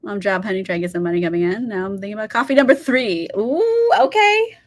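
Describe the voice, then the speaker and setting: A woman's voice: mid-range voice, very fast. A woman in her thirties hosting a casual reading livestream, chatty, swearing casually and laughing often as she reads out chat replies.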